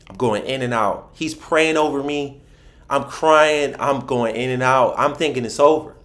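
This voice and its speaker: Podcast guest: a man from Philadelphia telling his life story, mid-pitched, animated, lots of restarts. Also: normal speed. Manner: animated storyteller, acts out what others said, frequent restarts. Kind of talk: personal storytelling in a podcast interview.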